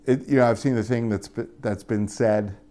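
A man's voice: fairly low pitch, steady tone, normal speed, dark tone. A young adult man preaching a conversational sermon as pastor, often rising into emphatic appeals.

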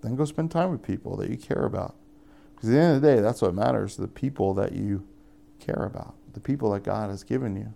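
A man's voice: on the low side, fairly quick, gravelly, warm tone. A young adult man preaching a conversational sermon as pastor, often rising into emphatic appeals.

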